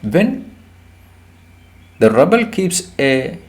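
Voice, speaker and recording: A man's voice: on the high side, big pitch swings, extremely slow. A man teaching a lesson, explaining a poem and stressing and repeating key words for his students. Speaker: English teacher.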